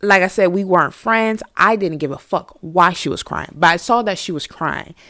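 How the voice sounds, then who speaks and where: A woman podcast host telling a storytime monologue in a candid, profane, animated way. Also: fairly low pitch, moderate pace, dry recording, clean studio sound.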